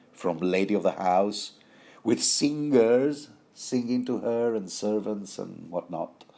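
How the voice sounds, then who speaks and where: A man's voice: deep voice, gravelly, dark tone. A man giving a rambling, playful book commentary, full of fillers, restarts and self-corrections.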